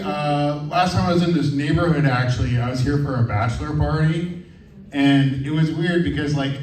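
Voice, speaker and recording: A man's voice: mid-range voice, darkish tone. A man in his thirties doing a stand-up comedy set, rambling and hesitant with lots of fillers. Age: 30s. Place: comedy venue with live audience. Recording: roomy, from far off.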